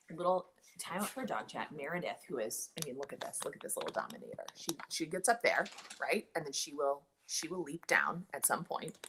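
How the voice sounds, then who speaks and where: Woman, late 30s, livestream host at home: low, bright voice, chatty and wandering, sidetracks often. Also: a little hiss or hum. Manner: rambling, chatty, easily sidetracked. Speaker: podcast host. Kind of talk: casual livestream chat.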